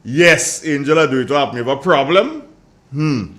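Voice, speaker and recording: A middle-aged man with a Grenadian accent hosting a morning radio show, chatty and joking as he sends shout-outs to listeners. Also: fairly high pitch, lively intonation, moderate pace. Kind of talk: casual morning radio chat.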